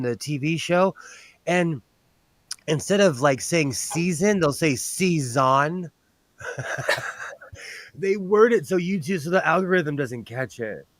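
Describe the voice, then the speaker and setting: A man's voice: a little high, dry recording. A man hosting a casual chat while sewing, rambling and telling stories with animation. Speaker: host.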